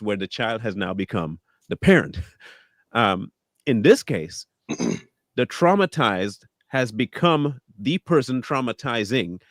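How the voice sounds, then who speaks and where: A man's voice: medium pitch, dry recording. A man co-hosting a live talk stream, speaking casually and animatedly, acting out quoted voices and laughing often. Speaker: co-host.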